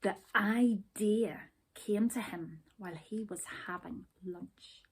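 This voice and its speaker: A woman reading a children's story aloud, gentle and expressive. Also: medium pitch, slow pace, breathy edge.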